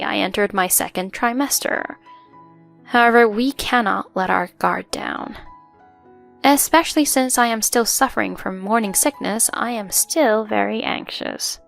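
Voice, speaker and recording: A woman's voice: medium pitch, vocal fry, fairly bright tone. A woman narrating a first-person story in an earnest, emotional way, with faint music behind.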